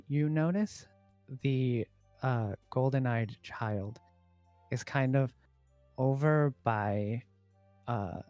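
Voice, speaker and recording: A man's voice: mid-range voice, no room sound. Guy game master narrating, kinda hesitant with lots of uhs, dry close sound, faint music. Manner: relaxed, hesitant narration with fillers.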